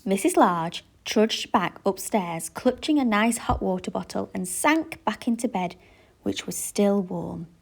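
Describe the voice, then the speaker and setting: A woman teacher reading a children's picture book aloud in an expressive, clear way. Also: mid-range voice, a little slow. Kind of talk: storybook read-aloud.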